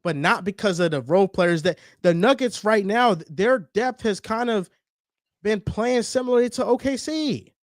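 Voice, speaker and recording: A man hosting a casual sports debate show, talking in an animated, teasing, emphatic way. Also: sits high, normal speed, no echo, studio quality. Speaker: sports talk show host.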